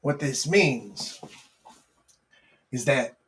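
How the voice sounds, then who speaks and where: Excitable, bright-voiced male stream host. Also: medium pitch, extremely slow, far from the mic. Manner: excitable and profane, jumps between loud and soft. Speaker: live-stream host giving dating advice. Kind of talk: casual comedic live-stream talk.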